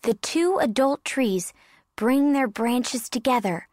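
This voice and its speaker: A woman narrating a story clearly and deliberately for English learners. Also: a little high, expressive, darkish tone, no echo, clean studio sound.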